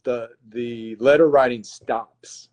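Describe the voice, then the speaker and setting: A man's voice: mid-range voice, slow pace. A man, a guest author on a live stream, casually retells a plot with lots of restarts. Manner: animated storyteller, frequent restarts.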